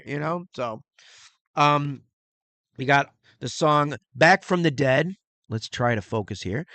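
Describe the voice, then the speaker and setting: Middle-aged dude rambling on his channel, crude and loose, bright punchy voice, dry close sound. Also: on the high side, animated, normal speed, no echo. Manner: rambling and crude, imitates beats with mouth sounds. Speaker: channel host reviewing music and movies. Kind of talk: casual solo vlog talk.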